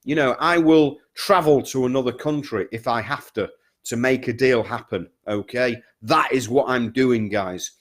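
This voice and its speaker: A man's voice: mid-range voice, moderate pace, fairly bright tone. A man who coaches business students, talking straight to them and repeating his points with frequent "okay?" and "guys". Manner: repetitive, emphatic, keeps checking in with "okay?" and "guys". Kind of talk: direct-to-camera coaching talk.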